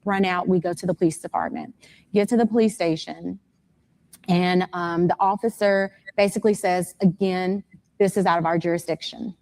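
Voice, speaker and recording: A woman's voice: lowish voice, fairly even intonation, moderate pace, a little mellow. Woman recounting in urgent detail. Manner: detailed step-by-step telling, rising to urgent and frantic. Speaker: guest, mother of a missing son. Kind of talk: recounting events in an interview.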